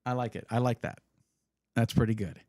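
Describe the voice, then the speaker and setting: A man's voice: medium pitch, fairly even intonation, fairly quick, warm tone. A man hosting a casual livestream, chatty and rambling, often correcting himself as he talks. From United States. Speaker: livestream host.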